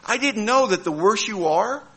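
At a meeting, a recovering alcoholic tells a humorous story of his own recovery, acting out other people's voices with comic timing. His voice is high-pitched with lively intonation at a normal speed, and there is background noise.

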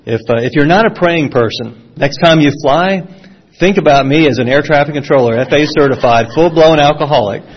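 A man's voice: fairly high pitch, a little fast, husky. A middle-aged man from Florida with a Southern accent, giving a personal testimony talk to a live audience in a folksy, self-deprecating way. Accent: Southern American. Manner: folksy storytelling with self-deprecating humor, frequent restarts. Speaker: speaker sharing a recovery testimony. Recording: dull lo-fi sound.

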